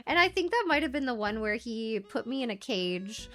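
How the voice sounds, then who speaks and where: High, bright-voiced giggly woman streamer. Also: animated, normal speed. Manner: rambling and giggly, laughing often. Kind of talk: casual storytelling on stream.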